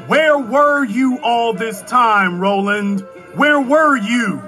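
A man's voice: extremely high pitch, slow, pushed and bright, soft background music. A man giving heated political commentary, fiery and ranting, firing off rhetorical questions.

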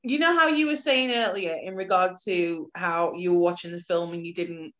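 A woman's voice: lowish voice, normal speed, a bit bright. A woman co-hosting a podcast, chatting bluntly about a film and swearing casually. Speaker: podcast co-host.

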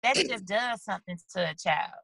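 A woman's voice: mid-range voice, moderate pace, gravelly, rough recording. A woman from St. Louis, a guest author, talking earnestly and at length in a casual interview over a video call. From St. Louis, USA. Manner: earnest, rambling, animated storyteller.

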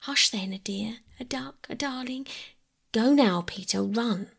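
A woman's voice: mid-range voice, expressive, measured pace. A woman reading aloud voices a determined young girl and eldest sister, insistent and pleading as she gives orders. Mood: commanding.

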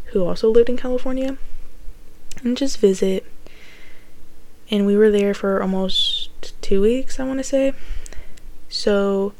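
A young woman recounts a story in a loose, chatty way. She swears freely and scatters her talk with fillers and little laughs. Her pitch sits in an ordinary middle range. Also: darkish tone. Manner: chatty and profane, lots of "like" and laughs. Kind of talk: casual storytime chat.

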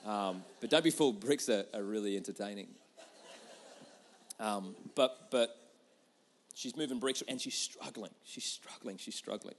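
A man preaching a sermon, earnest and acting out prayers, swinging between loud outbursts and hushed moments. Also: lowish voice, unhurried, long pauses, slight background noise. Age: adult parent. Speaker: pastor.

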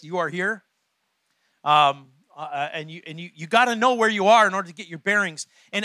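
A male pastor preaches a conversational sermon to his church in a high, pushed, bright voice with no echo. He often repeats his words as he goes and laughs between his points.

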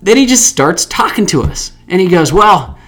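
Man, from Utah, podcast host, animated anecdote, chatty, fairly high voice. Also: normal speed. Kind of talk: storytelling anecdote.

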